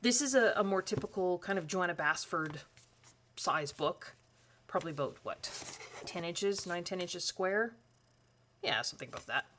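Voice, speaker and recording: Chatty woman with a lowish voice. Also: animated, moderate pace, fairly bright tone, slight background noise. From Canada. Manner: rambling, self-correcting, with frequent fillers. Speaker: colouring channel host. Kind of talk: chatty book flip-through narration.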